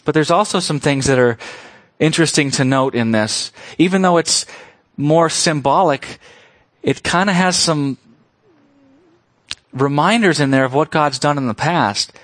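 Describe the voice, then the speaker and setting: A man's voice: on the high side, a little slow, long pauses, fairly bright tone, no room sound. A man preaching a sermon, explaining a scripture passage with emphasis and rhetorical questions. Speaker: pastor.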